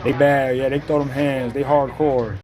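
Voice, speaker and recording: A man's voice: mid-range voice, little pitch movement, moderate pace, crowd noise. A man giving blunt, slangy, mocking reaction commentary over a video clip.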